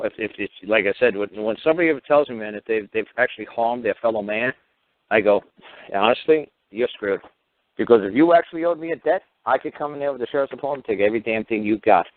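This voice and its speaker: A man's voice: fairly low pitch, no room sound. A man hosting a call-in radio show, talking in a blunt, heated, profane and rambling way. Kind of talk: blunt radio talk with retold calls. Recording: tinny phone-like line, dry.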